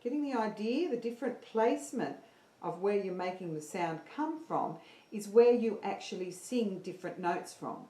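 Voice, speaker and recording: Animated woman teaching singing, echoey room. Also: medium pitch, moderate pace. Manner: upbeat, counting in students, animated. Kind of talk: online singing lesson livestream.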